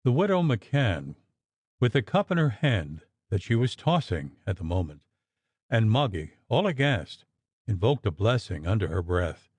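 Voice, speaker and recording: A man narrating a gothic audiobook in a measured, expressive storytelling manner. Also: on the low side, no room sound.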